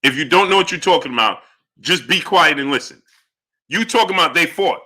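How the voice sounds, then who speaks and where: Guy on a livestream ranting at chat, bright sharp voice, kinda high, keeps lecturing ppl. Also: expressive. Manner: heated, argumentative, lecturing viewers; rapid greetings to chat names between rants. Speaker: livestream host answering chat. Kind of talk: live-stream commentary reading chat.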